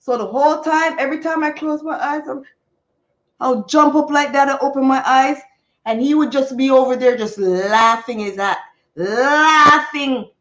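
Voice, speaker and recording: A woman hosting a livestream, telling a story to her chat in an animated, expressive way with sound effects. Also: high-pitched, moderate pace, lo-fi sound. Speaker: livestream host. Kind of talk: casual storytelling to a live chat.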